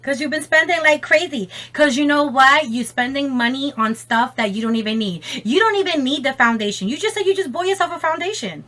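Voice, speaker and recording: Young woman, bright tense voice, rather high, slangy and profane, rambling makeup vlog chat. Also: animated, fairly quick, hardly any pauses. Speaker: beauty vlogger. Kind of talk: casual makeup chat while on a phone call.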